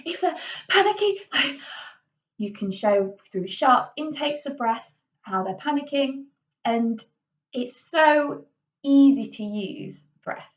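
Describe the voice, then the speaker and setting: A woman's voice: a little high, slow pace. A young woman explaining drama voice skills in a casual tutorial, chatty and demonstrating each one aloud. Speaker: drama teacher. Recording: slightly distant dull lo-fi mic.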